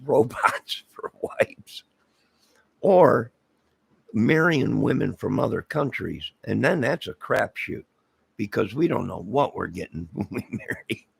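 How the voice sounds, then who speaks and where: Speaking in a mid-range, very gravelly and husky voice, a man from Illinois runs his own channel. He wanders through a loose, casual commentary full of asides and filler words, captured in a dry recording.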